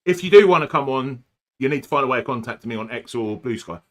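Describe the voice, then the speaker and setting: A man's voice: mid-range voice, expressive, fast. A man hosting a casual podcast chat, teasing his co-host and laughing easily.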